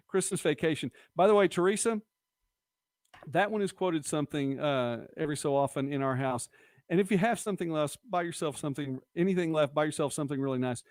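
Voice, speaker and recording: A man's voice: on the high side, vocal fry, dry recording. A middle-aged man hosting a casual live-stream, chatting and rambling as he reads viewer comments aloud. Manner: chatty, rambling, quotes movie lines. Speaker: host of a local live-stream show.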